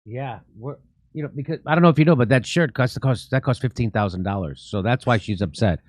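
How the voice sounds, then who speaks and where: A man's voice: medium pitch, brisk, a little mellow, dry recording. A man hosting a show, giving sarcastic commentary with mocking asides. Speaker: show host.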